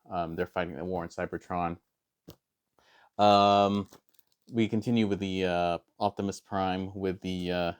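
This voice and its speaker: A man's voice: low-pitched, clear, resonant tone. A man reviewing a comic book in casual, rambling chat, hesitant with many fillers and restarts.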